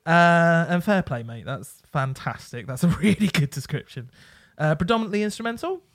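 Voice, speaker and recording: A man's voice: fairly high pitch, expressive, normal speed, a bit bright, no room sound, clean studio sound. A man co-hosting a music podcast in casual chat, enthusiastic and rambling with restarts.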